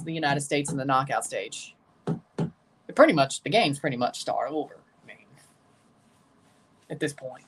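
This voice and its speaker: A man's voice: a little high, moderate pace, long pauses, a bit bright, slight background noise. A young man giving rambling, jokey live commentary while watching a match and chatting to his viewers. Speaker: watchalong streamer.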